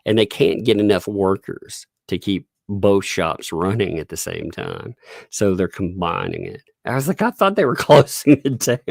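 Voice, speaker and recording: Low gravelly-voiced male streamer. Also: dry recording, clean studio sound. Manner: chatty, laughs often, retells stories with quoted voices. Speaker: livestream host. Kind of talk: casual livestream chat.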